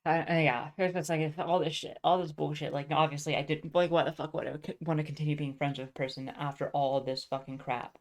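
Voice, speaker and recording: A woman's voice: low voice, fairly even intonation, quick pace, hardly any pauses. A woman venting in a casual, profane monologue, rambling with many fillers and restarts. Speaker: vlogger.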